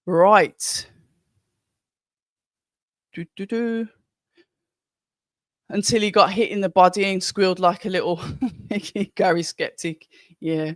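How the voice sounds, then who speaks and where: A stream host with a Birmingham accent talks in a loose, rambling way and reads out names from the live chat. The voice sits at an ordinary middle pitch. The sound is dry and close, with no room echo. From Birmingham, England. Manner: chatty, rambling, greets viewers by name. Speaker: livestream watch-along host. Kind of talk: casual live commentary and chat reading.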